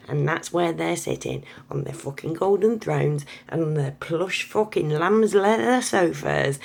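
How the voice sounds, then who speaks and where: A woman's voice: sits low, creaky, a little mellow. An English woman in a blunt, sweary, chatty opinion rant to camera. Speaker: vlogger.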